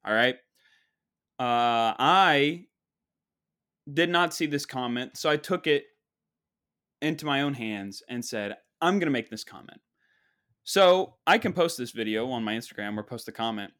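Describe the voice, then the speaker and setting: Male podcast host, comedic rambling storyteller, sarcastic and mock-boastful, mid-pitched voice. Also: animated, a little slow, pauses often, a bit bright, clean tone.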